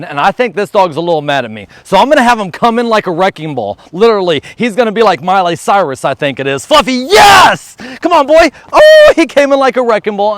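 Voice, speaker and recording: A man's voice: high-pitched, no room sound. A man filming a casual dog-training vlog outdoors in a marsh or field, chatty and upbeat, calling out commands and praise to his dog.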